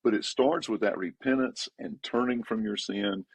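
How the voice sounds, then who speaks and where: Gravelly pastor, emphatic. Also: male voice, moderate pace, no echo. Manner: emphatic, repetitive, rising pitch when stressing points. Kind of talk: casual podcast conversation.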